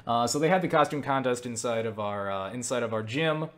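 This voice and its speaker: Speaking briskly in a medium pitch, a young channel host answers viewer questions into a webcam mic. His storytelling to camera is rambling and stuffed with fillers like "like" and "you know," with casual swearing and self-mockery.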